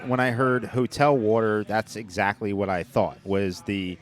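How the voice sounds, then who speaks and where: A man's voice: fairly low pitch, normal speed. A man co-hosting a podcast in casual chat, rambling with frequent restarts and dry jokes. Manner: joking, sarcastic. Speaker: podcast co-host.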